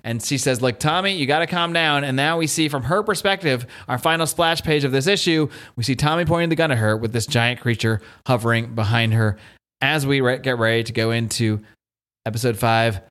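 Male podcast co-host, mid-pitch, casual and animated recap voice. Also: fairly quick. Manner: animated retelling, acts out quotes. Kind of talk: casual comic book discussion.

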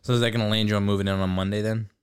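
A man's voice: on the low side, little pitch movement, very fast, clear, resonant tone. A young man co-hosting a podcast, joking around in casual chat and laughing often. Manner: laughs often, playful banter. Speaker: podcast co-host.

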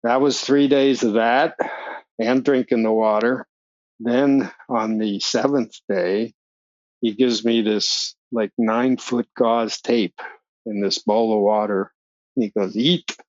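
A man's voice: mid-range voice, slow pace, no room sound, dull audio. An older man, a podcast guest, telling long stories in a casual interview and acting out the voices of the people he quotes, with frequent laughs. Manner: animated storyteller, acts out quoted voices, laughs often.

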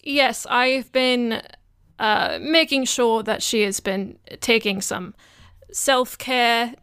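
A woman voicing a stressed male guild official who speaks in a halting, weary way. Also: fairly high pitch, a bit bright, clean tone, dry recording, clean studio sound. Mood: reassuring.

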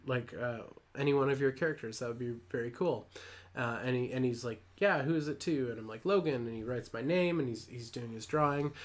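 A young man co-hosting a casual chat, telling a long awkward anecdote with frequent laughs and restarts. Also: medium pitch. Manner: rambling, self-deprecating, laughs often. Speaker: podcast co-host.

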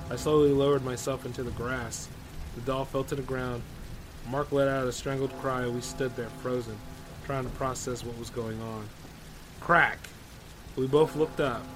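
A man's voice: medium pitch, low-quality recording. Man casually reading horror stories. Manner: loose, conversational asides full of 'like' and 'man'. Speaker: podcast host.

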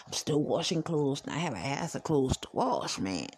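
Her low voice swings widely in pitch as she talks at a normal speed with a slightly mellow tone, and there's a little background noise. Hosting a casual podcast, this woman speaks straight to her audience in a blunt, outspoken, rambling manner, swearing freely.

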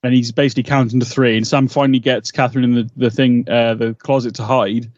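A man, co-hosting a podcast and rambling through his thoughts in an animated way, laughing a lot. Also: medium pitch, fast, dry recording. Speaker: podcast co-host. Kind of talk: casual episode recap chat. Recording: slightly dull, dry mic sound.

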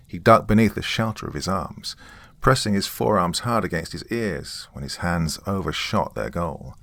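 A man's voice: rumbling low, fairly bright tone, no room sound. A man reading a horror novel aloud, with grave, dramatic scripted narration. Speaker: audiobook narrator.

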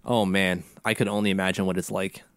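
A man's voice: sits low, little pitch movement, a little fast, dry recording, studio quality. A man co-hosting a sports podcast in casual chat, rambling with many restarts. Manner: rambling, frequent restarts and laughs. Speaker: podcast co-host.

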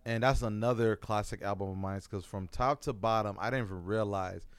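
A man's voice: lowish voice, fairly even intonation, fairly quick, smooth, no echo. A young man co-hosting a loose, profane podcast chat about music and sports, laughing often. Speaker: podcast co-host. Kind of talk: casual chat.

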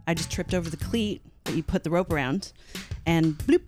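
Low-voiced Canadian woman telling stories. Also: fast, music in the background. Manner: laughs often, rambling with many likes. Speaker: podcast guest. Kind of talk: casual storytelling chat.

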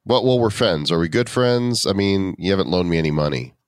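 A man's voice: low voice, fairly quick, no room sound, studio quality. A man guesting on a podcast, talking casually with a wry, self-mocking humor.

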